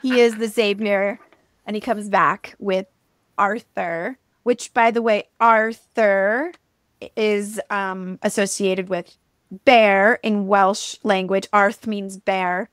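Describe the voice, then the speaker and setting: A woman co-hosting a podcast, casually retelling a myth in a chatty, animated way, with frequent ums and likes. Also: mid-range voice, takes it slowly, no room sound, studio quality. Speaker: podcast co-host. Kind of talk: casual storytelling chat.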